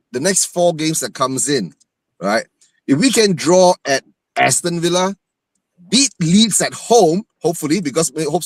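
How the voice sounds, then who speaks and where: A man's voice: mid-range voice, no echo. A man talking football as a panelist, ending nearly every phrase with a questioning right?.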